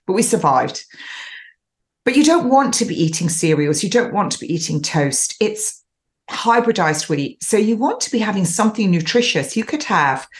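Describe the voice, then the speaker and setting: A woman in her fifties hosting a show, giving chatty, instructive advice in a casual monologue. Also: medium pitch. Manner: chatty, instructive, laughs now and then. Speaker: show host.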